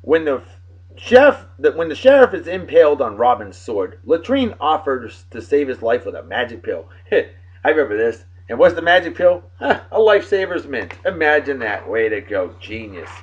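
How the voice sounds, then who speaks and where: A man's voice: medium pitch, very animated, normal speed, slightly rough, muffled recording. A man hosting a casual home show, reading movie trivia aloud with offhand wry asides. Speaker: host.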